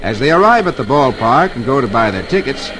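A man's voice: medium pitch, very animated, a little fast, fairly bright tone, a little hiss or hum, poor audio. A man hosting an old-time radio comic reading, telling the story in a playful, storytelling way. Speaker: host reading the Sunday comics.

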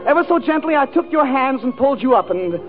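A man's voice: extremely high pitch, animated, fast, soft background music. A man performing a 1940s radio comedy monologue, declaiming in an overwrought mock-romantic way. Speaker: comedy show regular. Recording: tinny old radio broadcast. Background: orchestra and studio audience.

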